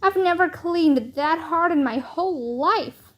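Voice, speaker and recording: Woman doing Ivy, a squeaky dramatic girl. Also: a little slow. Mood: weary. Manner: squeaky when pretending to be spoiled. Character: high-spirited young girl Ivy, dramatic.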